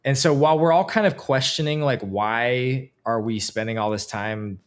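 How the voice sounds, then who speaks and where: A man co-hosting a casual podcast, talking in an animated, emphatic way and swearing now and then. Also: medium pitch, normal speed. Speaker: podcast co-host. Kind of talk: casual chat.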